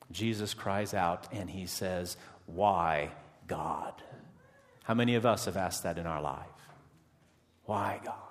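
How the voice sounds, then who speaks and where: A man preaching a sermon, swinging dramatically between hushed, quiet lines and impassioned, raised ones. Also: low-pitched, in a large hall.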